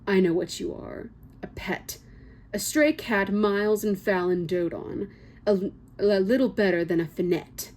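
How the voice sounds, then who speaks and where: A woman's voice: medium pitch, measured pace, darkish tone, lightly acted. A woman reading aloud and voicing a posh, sinister young male student who bullies the heroine in a storybook. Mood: menacing.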